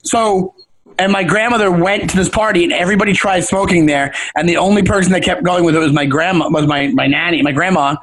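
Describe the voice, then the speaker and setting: A man with a fairly high voice, chatting loosely on a podcast. He talks in rambling bursts, cuts himself off and restarts his sentences, and laughs often along the way. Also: steady tone, fast, fairly bright tone, a little hiss or hum, poor audio. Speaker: podcast co-host. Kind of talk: casual chat.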